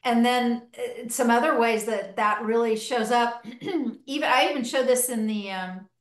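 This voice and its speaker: Enthusiastic woman with a higher voice. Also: a little slow. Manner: enthusiastic, storytelling. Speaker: hypnotherapy practitioner and host. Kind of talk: podcast conversation. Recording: echoey room.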